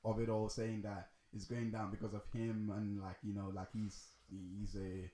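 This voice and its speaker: A man co-hosting a podcast in casual chat, rambling and halting with lots of restarts and fillers. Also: lowish voice, level tone, mellow. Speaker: podcast co-host. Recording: roomy echo.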